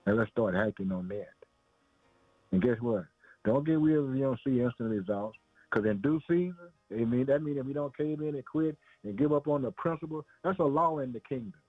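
A man's voice: mid-range voice, expressive, brisk, husky, no echo, faint music behind. Man, informal preacher, repetitive conversational delivery, phone-like audio, no room sound. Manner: repetitive, conversational, calls listener "man" and "boy". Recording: tinny phone-line sound, dry.

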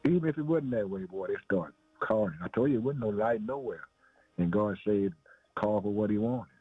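A man's voice: fairly low pitch, normal speed, slightly rough, no echo, soft background music. Man, informal preacher, repetitive conversational delivery, phone-like audio, no room sound. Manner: repetitive, conversational, calls listener "man" and "boy". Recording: tinny phone-line sound, dry.

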